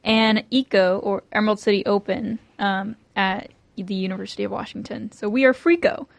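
A young woman in a mid-range voice chats easily as a podcast co-host. She is relaxed and talkative and often murmurs in agreement while others speak. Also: mid-range voice, normal speed, vocal fry. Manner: relaxed, chatty, frequent affirming murmurs. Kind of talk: casual chat.

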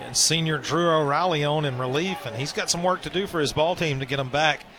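A man's voice: fairly high pitch, a little fast. A man giving color commentary at a baseball game, wry and joking about his losing pick.

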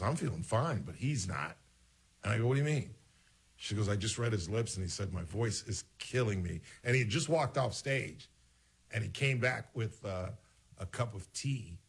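A man's voice: fairly low pitch, creaky, slightly rough. A man hosting a show, telling rambling personal stories in casual chat and acting out the dialogue. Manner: rambling, digressive, acts out quoted dialogue. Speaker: radio-style show host.

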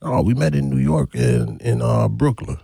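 A man putting on a lower voice to play a smooth-talking young caller who speaks in casual slang and fumbles his excuses. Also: moderate pace, mellow, dry recording, clean studio sound. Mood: bluffing.

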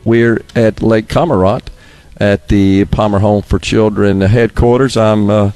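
A man's voice: lowish voice, steady tone, a little slow, darkish tone, clean tone, no room sound, soft background music. Man hosting a live radio broadcast. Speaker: radio host.

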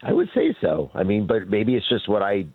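A man's voice: fairly low pitch, huge pitch swings, normal speed, breathy edge, dry recording, soft background music. A man calling in to a talk show, talking in a subdued, hesitant way. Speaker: caller. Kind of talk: phone call to a talk show. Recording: tinny dry phone line.

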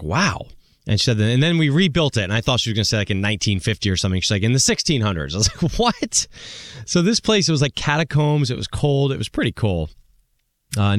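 Animated chatty American radio host. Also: male voice, medium pitch, dry recording, clean studio sound. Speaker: radio tech show host. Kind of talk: casual call-in radio talk.

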